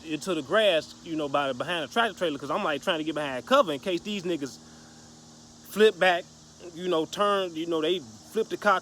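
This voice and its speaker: Man, slightly high voice, profane, slangy storyteller, rambling with restarts, faint noise behind. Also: pushed and bright. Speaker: vlogger. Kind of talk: casual storytelling vlog.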